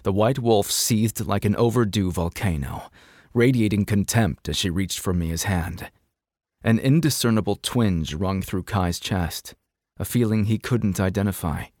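A man reads a gritty novel aloud in a measured, dramatic narration. His voice sits on the low side, and the recording is close and dry, with no room sound. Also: a little mellow, no room sound. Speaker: audiobook narrator. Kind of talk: scripted narration.

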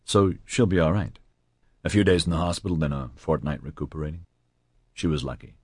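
A man reading the part of a senior male paramedic, calm and matter-of-fact. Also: rumbling low, brisk, husky, no echo, studio quality.

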